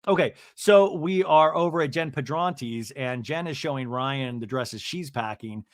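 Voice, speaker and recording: A man hosting a podcast, chatting through a comedic reality TV recap in a gossipy way and slipping into quick mock voices. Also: medium pitch, no room sound, studio quality.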